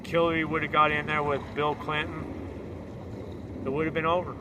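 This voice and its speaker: A man's voice: a little high, flat delivery, normal speed, background noise. A man delivering a fervent, preachy political monologue.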